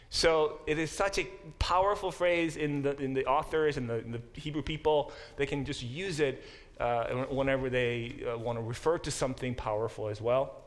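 A man teaching a Bible class as a professor, thinking aloud with restarts and slowing down to sound out Hebrew words. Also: mid-range voice. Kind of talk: classroom lecture.

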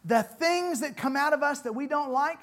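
A man's voice: very high voice, normal speed, fairly bright tone. Guy preaching, emphatic, lots of rhetorical questions and repeats. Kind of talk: sermon.

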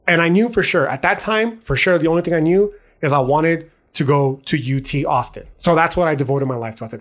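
A man's voice: on the high side, fairly quick. A man, hosting a podcast and telling a personal story in casual, confessional talk full of slang and restarts. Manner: casual slangy talk, says "dog" and "bro" often; earnest, confessional, with many restarts. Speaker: podcast host.

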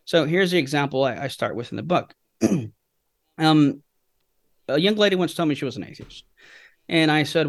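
Speaking slightly high and with animation, a male podcast guest walks through his approach in anecdotes, firing rhetorical questions at himself and answering them. He talks at a moderate pace, his voice is creaky, and he leaves long pauses. The studio-quality recording carries no echo.

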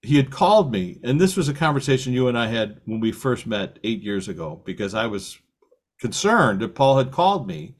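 A man's voice: medium pitch, very animated, brisk. An older man hosting a podcast, telling long stories in casual conversation and laughing now and then. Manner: rambling storyteller, laughs often. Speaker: podcast host.

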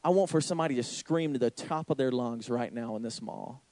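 A man voicing a shaken woman speaking earnestly in a quiet voice while telling a story. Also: medium pitch, a little fast, no room sound, natural voice.

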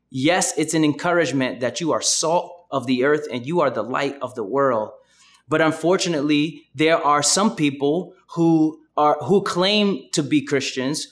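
A man preaching a sermon to his congregation, passionate and rhythmic. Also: a little high. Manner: impassioned preaching, ending in a rhythmic rapped prayer. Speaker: pastor.

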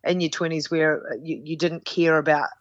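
A woman's voice: sits low, flat delivery, moderate pace, no room sound, dull audio. A woman, telling a story on a podcast in a candid, self-mocking way and acting out what people said. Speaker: podcast guest. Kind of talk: casual storytelling.

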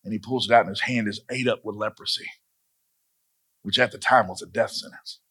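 A man in his forties preaches with a bright, husky voice. He tells a story from the pulpit and slips in quick voices for the people in it. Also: on the low side, steady tone. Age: 40s. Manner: storytelling, acts out voices in anecdotes. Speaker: pastor. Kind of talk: sermon.

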